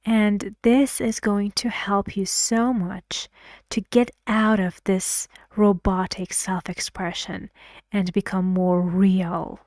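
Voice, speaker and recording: A woman teaching English pronunciation in an online lesson, slowly repeating words to model intonation and encouraging her students. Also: medium pitch, flat delivery, a little mellow, no echo, clean studio sound.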